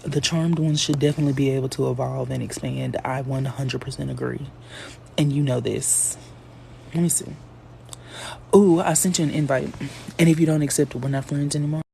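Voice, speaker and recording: Gravelly-voiced man hosting a live stream. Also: medium pitch, steady tone, a little fast, dark tone, slight background noise. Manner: chatty, reads and answers chat comments aloud. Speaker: livestream host. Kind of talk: casual chat on a live stream.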